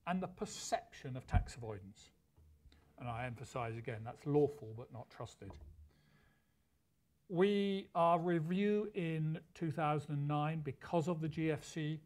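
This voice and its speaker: A man presents at a conference in a slightly raised voice. He sounds measured and deliberate, and he often restarts a phrase to stress a key point. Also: on the high side, darkish tone. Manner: measured, with frequent restarts and emphasis. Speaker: conference speaker.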